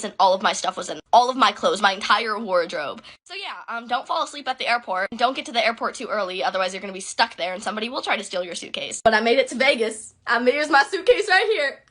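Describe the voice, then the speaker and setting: A woman's voice: medium pitch, bright, forceful tone. A teenage girl telling a personal story in a casual, chatty way, full of "like" fillers and quoting people as she goes. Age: late teens. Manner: recounts events in present tense, quoting others.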